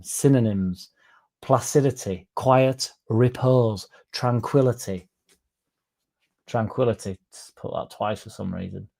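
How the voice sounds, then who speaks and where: A man hosting a fan livestream, rambling through deadpan jokes and chatting to the chat. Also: lowish voice. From Leeds, England. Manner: rambling deadpan joking, dropped articles. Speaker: fan channel livestream host. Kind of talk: casual livestream chat reading the chat.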